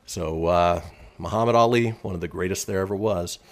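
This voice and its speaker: A man hosting a casual radio show, reading history items with quick asides. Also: sits low.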